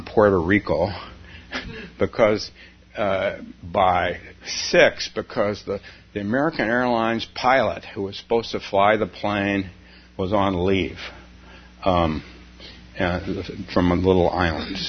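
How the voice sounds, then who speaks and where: Low-voiced man giving a halting dharma talk. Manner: halting, with many restarts and chuckles. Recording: dull lo-fi with faint hum.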